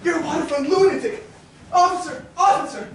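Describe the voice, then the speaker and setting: A woman playing a prim, easily shocked gentleman on stage, speaking in a stiff and indignant way. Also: on the high side, very animated, a little fast, a little hiss or hum. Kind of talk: stage play performance. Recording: echoey hall from far off.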